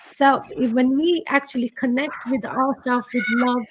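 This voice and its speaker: Earnest woman with a high voice. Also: steady tone, unhurried, a little hiss or hum, low-quality recording. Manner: earnest, repeats and restarts often. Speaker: group discussion speaker. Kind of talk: casual reflective group talk.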